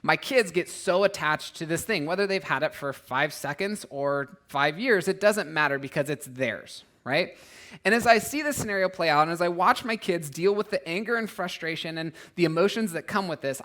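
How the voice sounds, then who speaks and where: A man in his thirties delivers a church sermon in a fairly high voice. He talks to the congregation in a warm, conversational way, tossing in "right?" asides. He swells in volume when he drives a point home. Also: lively intonation, normal speed. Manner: earnest, conversational preaching with frequent "right?" asides; acts out voices and rises in volume for emphasis. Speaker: pastor.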